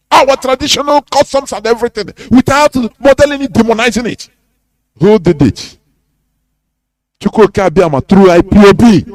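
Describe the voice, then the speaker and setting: A man's voice: very high-pitched, normal speed, long pauses, no room sound. A man with a Nigerian accent giving an impassioned live radio talk. He is emphatic, often checks "you understand?" and chuckles between points. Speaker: radio presenter.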